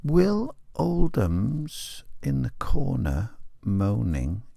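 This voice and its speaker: A man hosting a music reaction, musing aloud at length with hushed asides. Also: mid-range voice, sing-song, very slow, vocal fry, dry recording, clean studio sound. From Wales. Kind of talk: casual music reaction commentary.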